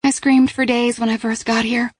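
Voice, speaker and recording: A woman's voice: a little high, little pitch movement, normal speed, no room sound, voice pushed up, natural voice. A woman voicing a frightened pregnant teenage girl held captive, urgent and strained in an audiobook.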